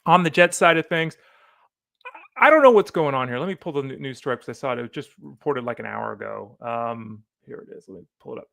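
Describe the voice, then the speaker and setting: A man hosting a solo fantasy football podcast, animated and opinionated, talking straight to the listener. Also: mid-range voice, quick pace, gravelly, no echo, studio quality. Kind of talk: solo sports podcast commentary.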